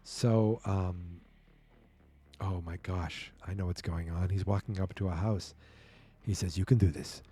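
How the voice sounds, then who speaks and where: A man's voice: deep voice, steady tone, takes it slowly, long pauses, warm tone. A man hosting a podcast who casually recaps a comic book page by page, reacting as he reads. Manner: chatty, exclaims and reacts while reading. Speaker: podcast host.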